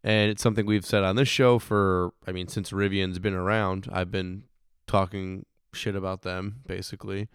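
A hoarse man in his thirties talks casually about stocks, rambling and restarting his sentences, with the odd curse thrown in. His voice sits fairly low and sounds smooth under the strain. The recording is close and dry. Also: level tone, normal speed, dry recording. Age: 30s. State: hoarse, recovering voice. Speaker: podcast host. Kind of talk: casual finance chat.

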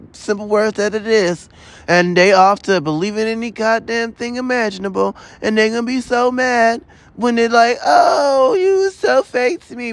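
A man with a fairly high voice delivers a rambling solo podcast monologue. He rants in a loose, profane, exasperated way, stacking asides as he goes. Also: fairly bright tone. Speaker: podcast host.

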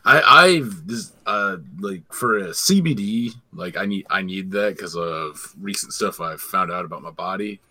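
A man's voice: low voice, unhurried, few pauses, bright, forceful tone. A man co-hosting a comedy podcast, rambling in casual chat and laughing mid-sentence. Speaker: podcast co-host.

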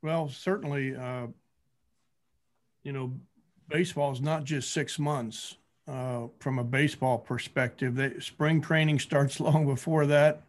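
A man with a mid-range voice answers a question on a call. He speaks in a measured, thoughtful way with a few hesitations. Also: mid-range voice, steady tone. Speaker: guest author.

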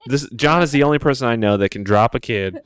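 Laid-back young man, smooth voice. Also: medium pitch, quick pace, no echo. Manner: joking, laid-back storytelling. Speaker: podcast co-host. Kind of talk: casual chat.

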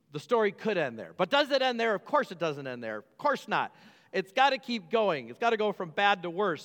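A high-pitched male pastor tells a story from the pulpit, throwing rhetorical questions out to his congregation. His voice carries a long reverb from a large church hall. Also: a bit bright. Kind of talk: sermon.

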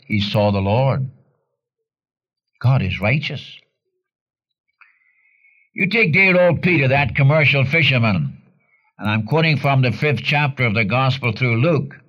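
A man preaching a sermon with blunt, earnest conviction. His pitch sits in an ordinary middle range but leaps sharply upward whenever he drives a point home. The recording is dull and lo-fi, like an old archive tape. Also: expressive, unhurried, long pauses. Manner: earnest and blunt, with sudden rises in pitch for emphasis.

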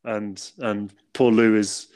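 A man's voice: fairly low pitch, little pitch movement, slow, darkish tone, smooth. Chatty young man. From England. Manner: rambling storyteller, laughs often, many fillers. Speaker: podcast co-host. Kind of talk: casual chat.

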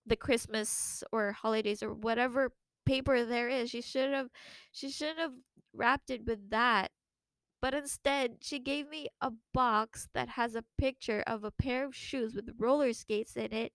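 A young woman hosting a casual solo podcast, chatty and animated, her voice leaping higher whenever she quotes herself. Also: smooth, no echo. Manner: chatty and animated, jumps to a high voice when quoting herself. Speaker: podcast host.

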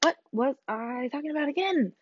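A woman's voice: sits high, expressive, moderate pace, no echo. A teenage girl in a rambling, swearing, self-mocking chat to camera. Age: teens. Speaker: vlogger. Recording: slightly dull lo-fi sound.

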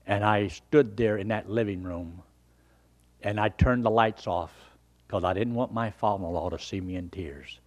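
In a fairly low voice at a moderate pace, an older preacher weaves his own conversion testimony into a sermon. His tone is earnest and folksy, rising to loud emphasis and dropping to near-whispers.

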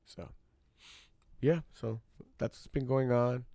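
A man's voice: medium pitch, fairly even intonation, normal speed, gravelly, mellow, no room sound, clean studio sound. A man hosting his own podcast, telling a story as a casual rant, repeating himself for emphasis and talking straight to his listeners. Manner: talks straight to listeners as y'all. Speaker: podcast host.

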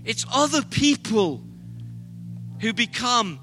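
High, bright-voiced English preacher. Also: male voice, very animated, slow, soft background music. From Britain. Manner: humorous, self-deprecating anecdotes. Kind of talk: sermon with storytelling.

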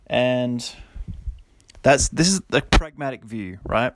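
A man's voice: mid-range voice, measured pace, no room sound. Rambling motivational man, dry close sound. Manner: rambling, self-deprecating, motivational, laughs often. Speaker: podcast host. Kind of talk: casual solo podcast monologue.

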